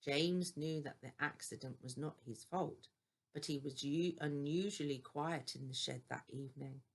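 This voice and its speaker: An older woman reading a children's bedtime story aloud in a gentle, deliberate way. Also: sits low, vocal fry, husky.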